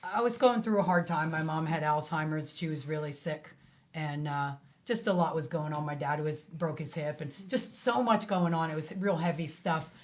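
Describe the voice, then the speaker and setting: A woman's voice: sits low, moderate pace. A woman guest on a talk show telling a personal story in casual chat, acting out the voices of the people in it. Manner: animated, acts out quoted dialogue.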